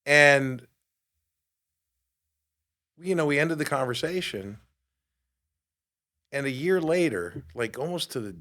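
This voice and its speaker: Animated New man telling a story. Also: on the high side, slow, long pauses. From New York. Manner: animated, acts out quoted dialogue. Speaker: podcast host. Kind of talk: storytelling monologue.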